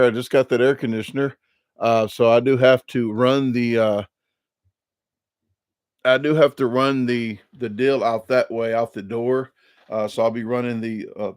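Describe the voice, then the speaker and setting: A YouTube channel host from Illinois, a man in his forties, rambles through a casual live stream, restarting sentences and repeating small words. His voice is middle-pitched with a darkish tone, and the sound is dry, without room echo.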